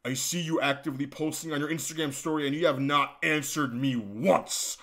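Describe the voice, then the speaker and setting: A man's voice: fairly even intonation, normal speed, fairly bright tone. Man putting on a whiny lovesick stalker. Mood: indignant. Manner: high whiny pleading, breaking into sobs. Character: obsessed lovesick young man pleading, whiny.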